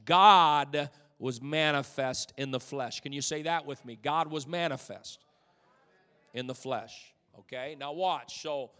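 A man preaching a sermon to a congregation, moving from hushed, drawn-out phrases to loud, fervent preaching and filling his pauses with "uh". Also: mid-range voice. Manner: fills pauses with "uh". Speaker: pastor. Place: church. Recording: long hall reverb.

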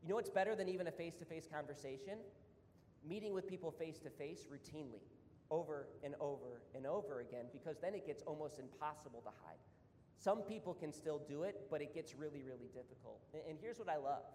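A man preaching to his church in a high, fairly light voice. He talks like a friend at first and then builds into fervent, emphatic passages. The sound carries a long hall reverb with a faint rumble underneath. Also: fast talker, a little mellow. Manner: conversational, rising to fervent emphasis. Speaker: pastor. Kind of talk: sermon.

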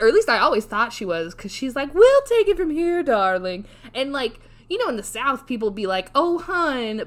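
Drunk solo podcast host, a woman, rambling and self-mocking, pitch all over the place. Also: fairly bright tone. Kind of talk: casual solo review chat. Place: home, seated.

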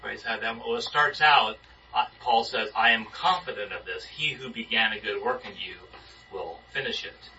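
A man's voice: fairly low pitch, moderate pace, bright, forceful tone. A man leading an informal sermon discussion with a small group, talking casually and putting questions to them. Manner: conversational, asks the group questions. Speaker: Bible study leader. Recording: muffled distant room recording.

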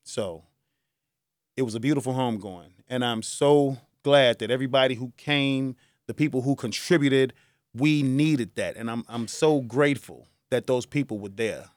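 Emotional talk-show host, dry close mic. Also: male voice, medium pitch, normal speed, no room sound. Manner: emotional, heartfelt storytelling. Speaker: podcast host. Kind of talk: casual talk show monologue.

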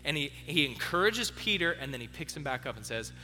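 A youth pastor giving a casual, chatty sermon and acting out the scenes. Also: male voice, a little high, very animated, brisk, sharp tone, in a large hall, slight background noise. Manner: chatty and conversational, acts out scenes.

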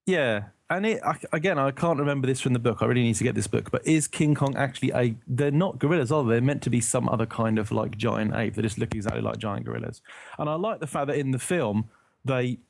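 Gravelly-voiced uk guy chatting on a podcast, rambly, dry close sound. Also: mid-range voice, brisk, darkish tone, no echo. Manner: rambling, searching for words, laughing. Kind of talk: casual chat.

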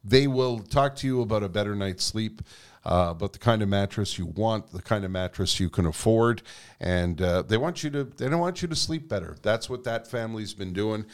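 A man's voice: on the low side, moderate pace, clear, resonant tone. A man co-hosting a podcast, chatting loosely with fillers and reading an ad. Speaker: podcast co-host. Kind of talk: casual chat and live ad read.

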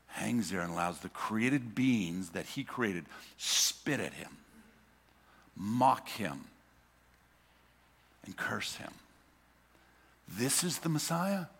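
A man preaching a sermon as pastor, impassioned, swinging between hushed and loud and asking rhetorical questions. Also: low-pitched, creaky, husky. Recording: reverberant hall.

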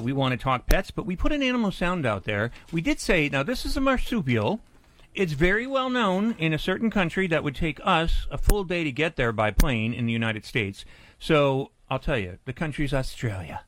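A man's voice: fairly high pitch, big pitch swings, normal speed, fairly bright tone. A man hosting a pet radio show, chatting casually and repeating the call-in number.

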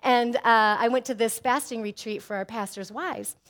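A woman's voice: a little high, normal speed. A woman preaching a sermon with emphatic, rising exhortations.

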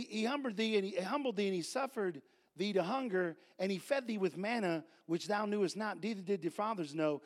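A male pastor preaching a sermon, reading scripture and telling stories, building to loud shouts. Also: sits high.

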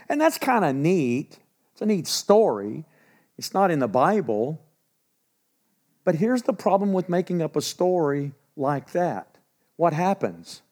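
High-voiced preacher, folksy sermon. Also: male voice. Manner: folksy, animated storytelling with laughs and acted quotes. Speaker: pastor. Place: church in Texas.

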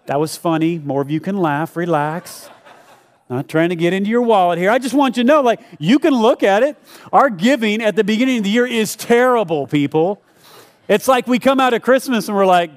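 This is a middle-aged man, a pastor, giving a lighthearted talk on giving before a live church congregation and acting out brief prayers. His high-sitting voice is expressive, and his pace is moderate.

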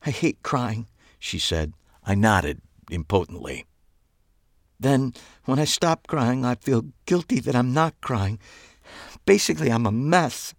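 A man reading an audiobook and voicing a grieving woman who speaks softly through tears. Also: medium pitch, animated, unhurried, no echo, studio quality, pitched above the performer's own voice. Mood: sad, weary. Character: grieving tearful woman, soft-spoken. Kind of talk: audiobook character voice.

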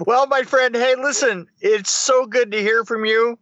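Male host, high and bright, lively friendly reactions, dry close sound. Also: dry recording, lo-fi sound. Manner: friendly, laughs along, quick reactions. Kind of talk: casual interview chat.

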